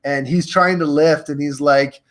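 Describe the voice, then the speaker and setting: A young man hosting a live coaching stream, energetic and playful, reading passages aloud and chatting directly to his viewers. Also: a little high, unhurried. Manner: energetic, playful, reads aloud from a book and retells movie scenes. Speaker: host of a live social media show.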